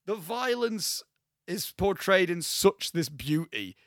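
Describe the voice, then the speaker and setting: An enthusiastic young man rambles about a movie he loves, swearing as he goes. His voice sits a little high, and the recording is close and dry, with no room sound. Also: very animated, slow, fairly bright tone, no echo. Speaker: podcast co-host. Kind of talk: casual film discussion.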